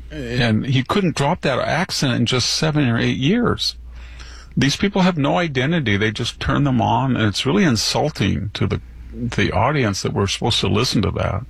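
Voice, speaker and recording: Male pundit, indignant and rambling, gravelly, dry. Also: medium pitch, expressive, normal speed, no echo. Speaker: commentator. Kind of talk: opinionated commentary.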